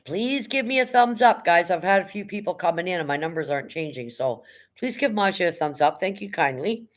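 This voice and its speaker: A woman's voice: fairly low pitch, expressive, fairly quick. Middle-aged woman, livestream host, chatty and rambling, blunt with a bit of swearing. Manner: rambling, chatty, greets viewers by name. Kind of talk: casual livestream chat.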